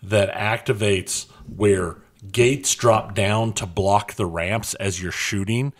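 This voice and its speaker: A man co-hosting a gaming podcast in casual chat, joking dryly and pitching absurd ideas with a straight face. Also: fairly even intonation, takes it slowly. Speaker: podcast co-host.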